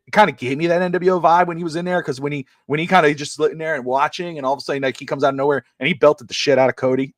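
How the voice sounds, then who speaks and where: A man co-hosting a sports talk show, chatting casually in an excitable, rambling way and often restarting his sentences. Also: on the high side, no echo, studio quality. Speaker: sports podcast co-host.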